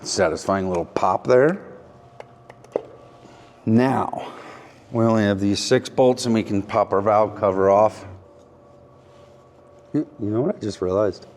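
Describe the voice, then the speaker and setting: A man's voice: fairly low pitch, unhurried, long pauses, a little mellow. A man hosting a casual shop vlog, joking with his cameraman while he takes an engine apart and explains what he checks. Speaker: mechanic and channel host. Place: company workshop indoors.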